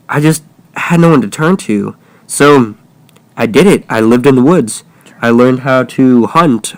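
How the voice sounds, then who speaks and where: A man's voice: medium pitch, dry recording. A young man in a dry, close recording improvises a first-person creepy tale in a loose, casual way. His voice sits in an ordinary middle register, and he slips in jokey asides as he goes. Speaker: storyteller.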